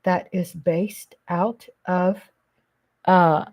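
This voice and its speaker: A woman hosting a casual livestream, reading viewers' comments aloud and chatting in a slow, affectionate way, often calling them baby and darling. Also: on the low side, steady tone, dull audio. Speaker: livestream host reading chat.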